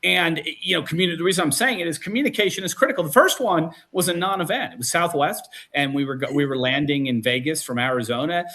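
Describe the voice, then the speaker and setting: A man hosting a podcast, telling stories in a casual and animated way, often restarting sentences. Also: on the high side, quick pace, few pauses. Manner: animated, acts out quotes, many restarts. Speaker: podcast host. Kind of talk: casual storytelling chat.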